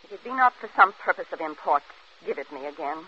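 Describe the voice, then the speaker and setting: A performer playing the villain's anxious young wife in a 1950s radio drama, pleading and uneasy, on an old, noisy radio broadcast. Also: male voice, fairly high pitch, lively intonation, quick pace, dull audio, lightly acted.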